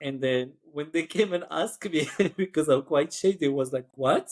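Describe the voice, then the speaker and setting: A man's voice: a little high, normal speed, a little mellow. A man who works as cabin crew, telling a story in a chatty podcast style, full of "like" and acted-out voices. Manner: chatty, acts out quoted voices, frequent "like".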